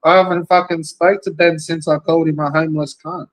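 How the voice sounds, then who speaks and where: A young Australian man rants in a loose commentary, his voice sitting a little high for a man. He swears all the time and keeps circling back to rhetorical questions. The sound is dry and close, with no room around it. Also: flat delivery, a little fast, dry recording, low-quality recording. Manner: profane, rambling, rhetorical questions. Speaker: commentary streamer. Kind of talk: casual commentary rant.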